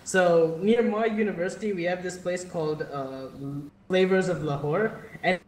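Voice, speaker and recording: A man's voice: high voice, moderate pace, a little mellow. A young man with an Indian accent casting an esports match in a loose, joking way, swearing freely. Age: young adult. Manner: jokey, swears freely, laughs often. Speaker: esports caster. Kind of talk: casual esports commentary. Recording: echoey room.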